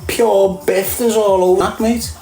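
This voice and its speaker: A man's voice: high voice, steady tone, measured pace, a little mellow, echoey room, faint music behind. Blunt, mocking Scouse man. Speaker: commentary vlogger. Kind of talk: mocking commentary.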